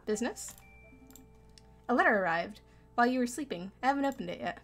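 A woman reading the lines of a bird assistant to a falcon lawyer in a game, quick and teasing. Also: on the high side, lively intonation, fairly bright tone, soft background music. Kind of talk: reading game text aloud.

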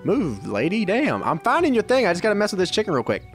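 A man's voice: high-pitched, big pitch swings, normal speed, music in the background. A man giving loose let's-play commentary, trash-talking and cursing at the characters in a video game. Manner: brash profane trash talk at game characters. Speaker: gaming YouTuber.

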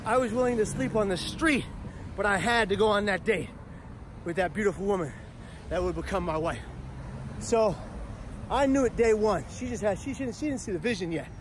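Man, high-pitched, comedic storyteller, animated, punchy delivery, profane asides. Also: fairly quick, noisy background. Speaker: motivational speaker.

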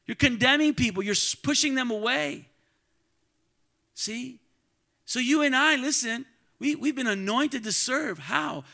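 A man preaching a sermon to his church congregation, calling out to the crowd and swinging between quiet talk and loud shouts. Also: very high voice, lively intonation, a little slow, vocal fry, pauses often. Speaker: pastor. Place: church sanctuary.

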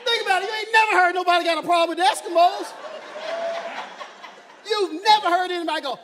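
A man's voice: very high-pitched, fairly even intonation, fast talker, crowd noise, noisy background. A man doing a stand-up set, storytelling with animation and laughing at his own jokes on a live comedy stage. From Southern US.

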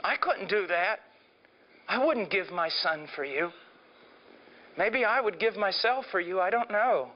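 A middle-aged man preaching a sermon with passion, dropping to a hush and then rising to a shout. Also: sits high, animated, a little slow, pauses often. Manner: impassioned, swinging from hushed to shouting. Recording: dull lo-fi sermon recording.

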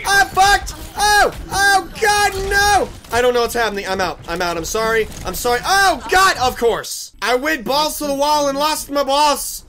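With slight background noise behind him, a man with a very high, animated voice talks at normal speed and rarely pauses. He is a gaming YouTuber providing frantic, foul-mouthed live commentary on a team shooter, yelling at teammates.

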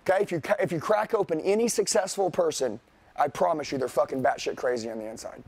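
A man's voice: a little high, fast, darkish tone, no room sound. A man giving a motivational sales seminar to a live audience, talking bluntly and profanely. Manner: profane, blunt, fired-up, addresses the crowd directly. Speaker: sales trainer.

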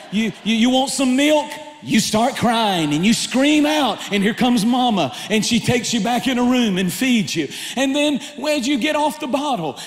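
High-voiced fervent preaching man. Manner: fervent preaching, often rising to shouts. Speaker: pastor. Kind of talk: sermon. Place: large church auditorium. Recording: long reverb of a large hall.

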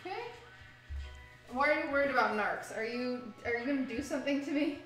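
A woman's voice: sits high, a little fast, fairly bright tone. A woman streaming herself cooking, chatting casually and giggling as she talks through each step. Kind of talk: casual chat while cooking. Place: home kitchen. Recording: echoey room, faint background music.

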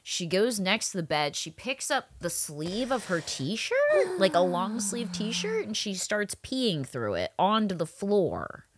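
A woman's voice: medium pitch, wildly swooping pitch, slow, hardly any pauses, noisy background. A woman co-hosting a podcast, telling stories in casual chat with brash, profane acted-out quotes. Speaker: podcast co-host.

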